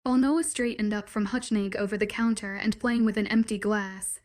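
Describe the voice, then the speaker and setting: A woman's voice: medium pitch, steady tone, normal speed, a little mellow. Woman narrating a story. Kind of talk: scripted first-person story narration.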